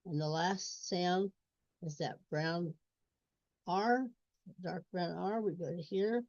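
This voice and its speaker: A woman with a lowish, darkish voice speaks slowly while tutoring reading in a step-by-step screen walkthrough, repeating sounds and words. There's no room sound, and the recording is dull and lo-fi.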